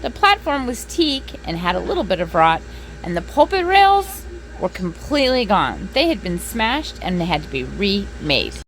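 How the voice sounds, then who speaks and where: Brief: chatty woman narrator, bright and animated, faint music. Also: medium pitch, moderate pace, low-quality recording. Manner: upbeat, chatty. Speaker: vlogger narrating a boat refit. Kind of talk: voice-over narration.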